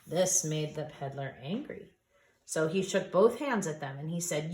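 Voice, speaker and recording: A woman reading a picture book aloud to preschool children, drawing out the words and inviting them to join in. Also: sits low. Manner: expressive, drawn-out, asks listeners to join in. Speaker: storyteller for a preschool. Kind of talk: children's story read-aloud. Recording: echoey room.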